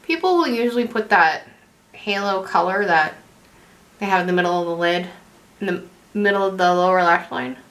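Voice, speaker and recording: A woman's voice: mid-range voice, animated, moderate pace, long pauses, a bit bright. A young woman chatting casually through a makeup tutorial, rambling and correcting herself as she goes. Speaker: beauty vlogger.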